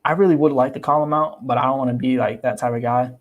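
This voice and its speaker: A man's voice: mid-range voice, steady tone, fast, narrow, tinny audio. A young man chatting casually on his livestream about crypto. He talks animatedly, repeats himself and acts out the people he quotes. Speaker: crypto YouTuber.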